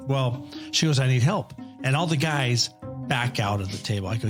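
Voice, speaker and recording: A man's voice: mid-range voice, a little fast, over music. A middle-aged man, a father on a family podcast, telling rambling stories casually with plenty of swearing. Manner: profane, rambling, animated storyteller. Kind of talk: casual storytelling.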